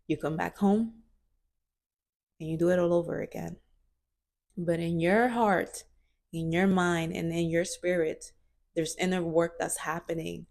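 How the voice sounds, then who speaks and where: A woman's voice: fairly low pitch, creaky, darkish tone. A woman in her twenties talking earnestly in a reflective personal vlog, searching for words with fillers and restarts. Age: 20s. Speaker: vlogger.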